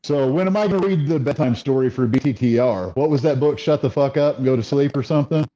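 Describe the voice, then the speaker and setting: A man who produces a casual podcast, joking about himself in relaxed banter. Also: medium pitch, quick pace, lo-fi sound, slight background noise. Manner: self-deprecating joker. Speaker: show producer.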